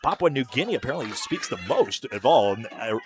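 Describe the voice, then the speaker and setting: A man doing live play-by-play commentary on a bowling match, building to excited calls between offhand asides. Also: mid-range voice, a little fast, soft background music.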